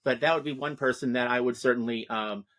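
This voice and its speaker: A man giving an animated, discursive account as an interview guest discussing politics. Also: medium pitch, brisk. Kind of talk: casual interview talk.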